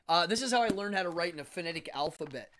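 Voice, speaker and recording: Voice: medium pitch, a bit bright, a little hiss or hum. A host in their fifties talking alone on a live stream, in a teacherly way, enunciating carefully and stretching words for emphasis. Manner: demonstrative, teacherly, acts out sounds. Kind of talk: casual solo live-stream monologue.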